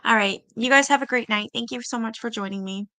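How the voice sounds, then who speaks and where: A woman's voice: quick pace, sharp tone, dry recording. Chatty, swearing woman streamer, dry sound. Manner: chatty, swears freely, talks to her chat; coos at her cats in a high baby voice. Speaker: true-crime livestream host. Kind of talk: casual livestream chat.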